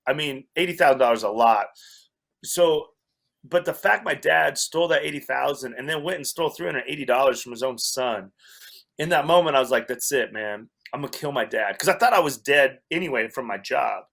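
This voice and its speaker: A man's voice: mid-range voice, lively intonation, fairly quick, creaky, fairly bright tone. A man telling a long personal story as a podcast guest, wry and self-mocking, often laughing at himself. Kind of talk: storytelling in a casual chat.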